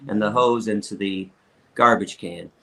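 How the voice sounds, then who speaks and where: A man guesting on a podcast interview, telling blunt, animated stories and often stammering as he restarts his sentences. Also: lowish voice, normal speed, poor audio. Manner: blunt and outspoken.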